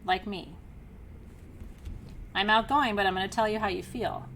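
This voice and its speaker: A middle-aged woman teaching a class, energetic and outgoing, who laughs often and keeps checking in with her listeners. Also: medium pitch, a little slow, gravelly, slight background noise. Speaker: spiritual teacher leading an online class. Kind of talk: teaching a live class to students.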